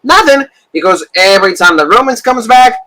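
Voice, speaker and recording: A man co-hosting a casual wrestling review show, talking in animated rants full of fillers and repeated phrases. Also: high voice, fairly quick, low-quality recording. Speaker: podcast co-host.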